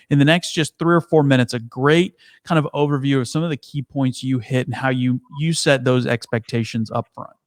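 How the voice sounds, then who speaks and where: Casting note: male podcast host, mid-pitched, steers the talk, dry close sound. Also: dry recording. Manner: friendly, steers the talk, sets up questions. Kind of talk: casual podcast hosting.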